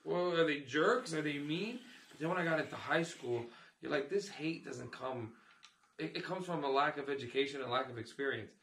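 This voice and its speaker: A middle-aged man from Canada, a comedian hosting a casual podcast, telling loud swearing stories with put-on voices. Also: a little high, normal speed, reverberant.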